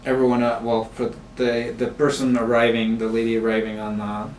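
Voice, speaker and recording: A man running a tabletop game as game master, often pausing with fillers. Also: mid-range voice, completely flat delivery, a little mellow. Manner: halting, many fillers. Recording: echoey room, far mic, noisy.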